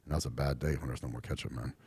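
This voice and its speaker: Very deep husky man, laid-back drawl. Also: fairly even intonation, rapid-fire, mellow, dry recording, clean studio sound. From Texas. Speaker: podcast guest. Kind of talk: casual interview chat.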